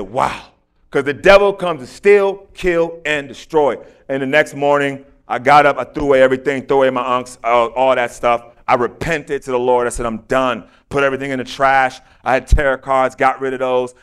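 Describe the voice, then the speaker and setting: A man preaches in a clear, resonant voice pitched a bit high. He tells his testimony with acted-out quotes, then prays with fervent repetition. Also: fairly quick, fairly bright tone. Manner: storytelling, acting out quoted voices. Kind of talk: sermon testimony and prayer.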